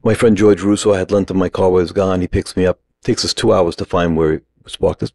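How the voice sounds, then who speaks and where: A middle-aged man with a low, gravelly voice tells a story in short, punchy sentences. He slips into the other people's voices as he acts out their lines. The sound is dry and close. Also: flat delivery, fast, few pauses, dark tone, no room sound. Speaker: acting teacher, podcast guest. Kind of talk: animated storytelling.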